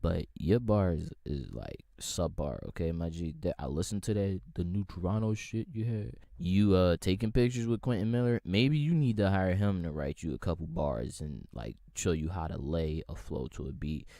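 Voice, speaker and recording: Young guy ranting on a podcast, swears a lot, mellow dark voice, dry close sound. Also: low-pitched, normal speed, vocal fry, few pauses, no echo. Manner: animated, profane, exasperated ranting. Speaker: podcast host. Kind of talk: heated music rant.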